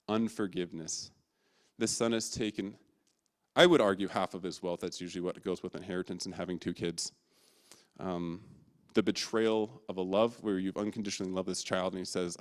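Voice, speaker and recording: A man's voice: deep voice, a little mellow. A man preaching a sermon in a casual, storytelling way, acting out the scenes himself. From England.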